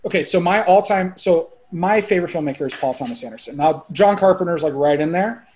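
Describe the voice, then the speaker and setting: Excitable rambling man, slightly high voice. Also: brisk. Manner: excitable, rambling, peppered with "like" and swearing. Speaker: filmmaker guest. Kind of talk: casual podcast conversation.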